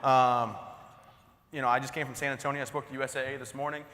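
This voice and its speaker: Bright-voiced man telling jokey stories. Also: medium pitch, level tone, fast. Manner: joking, conversational, self-deprecating. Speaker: motivational speaker. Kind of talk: humorous storytelling keynote. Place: large conference hall. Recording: long hall reverb.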